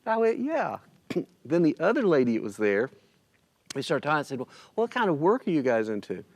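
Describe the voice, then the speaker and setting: Storyteller: middle-aged man, average pitch, conversational and animated, plays out others' lines. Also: brisk. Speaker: guest telling a personal story.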